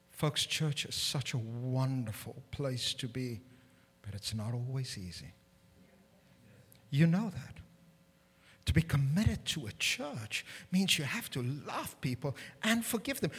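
Animated male preacher in a reverberant hall. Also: medium pitch, slightly rough. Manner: animated, rising to loud emphatic peaks; humorous, self-deprecating asides. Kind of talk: sermon.

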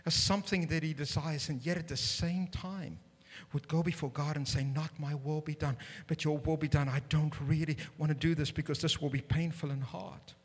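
Speaking at normal speed in a husky, slightly high voice, a man delivers a church sermon full of humor and self-mocking asides. His animated delivery climbs to loud, emphatic high points, echoing with long hall reverb.

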